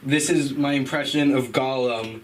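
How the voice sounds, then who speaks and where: A man's voice: mid-range voice, steady tone, normal speed. A man doing stand-up at an open mic, casual and rambling, laughing at his own jokes. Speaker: stand-up comedian. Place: comedy club stage. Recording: distant mic, background noise.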